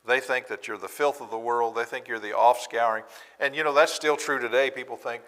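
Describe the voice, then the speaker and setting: A man preaching a Bible class sermon in a church, talking in an animated way and acting out quotes with sarcasm. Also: mid-range voice, brisk, long reverb tail.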